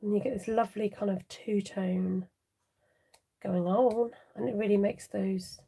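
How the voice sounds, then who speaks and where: A woman's voice: medium pitch, steady tone, a little slow, vocal fry, warm tone, husky. A woman hosting a chatty live craft tutorial, laughing often and muttering asides to viewers as she works. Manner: talks straight to viewers and reads out their comments. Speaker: papercraft demonstrator hosting a live stream.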